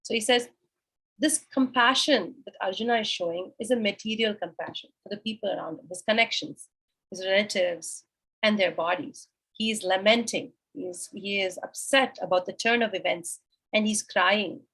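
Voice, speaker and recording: A woman's voice: mid-range voice, moderate pace, fairly bright tone, husky, low-quality recording. A woman teaching a scripture class, explaining a sacred text verse by verse and asking and answering her own questions.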